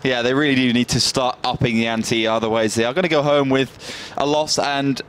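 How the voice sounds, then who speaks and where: A male esports caster talking through a match in a loose, chatty way, stopping now and then with fillers and restarts. His voice sits at an ordinary middle pitch. A faint hum of ambience runs underneath. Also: fairly even intonation, brisk, fairly bright tone. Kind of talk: casual play-by-play analysis.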